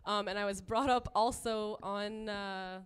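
A woman's voice: medium pitch, steady tone, a little slow. A woman in a casual group chat, talking eagerly and insisting on her point. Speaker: podcast guest.

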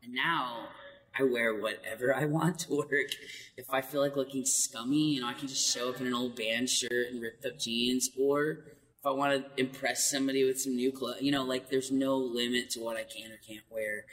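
A mid-range male voice at a moderate pace belongs to a voice actor telling animated stories and laughing a lot during a casual interview. He's captured from a distance in an echoey hall with faint noise.

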